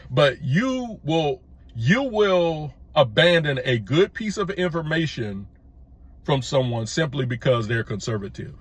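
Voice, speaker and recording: A man's voice: a little high, big pitch swings, unhurried, breathy edge. A middle-aged man hosting his own channel, giving an emphatic opinion monologue with repeated phrases and stammered restarts. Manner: emphatic, repetitive, restarts with stammered false starts. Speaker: YouTube channel host.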